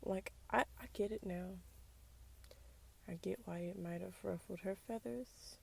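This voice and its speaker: Young woman hosting a casual solo podcast, sassy and candid, with a touch of fry in the voice. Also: mid-range voice, unhurried. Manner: candid, sassy, drops into whispers for asides. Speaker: podcast host. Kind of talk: casual personal monologue.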